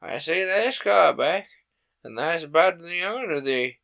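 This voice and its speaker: A man voicing a burly, rough but good-natured station master in a storybook reading, hearty and loud. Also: a little high, expressive, moderate pace, voice pushed up, full character voice.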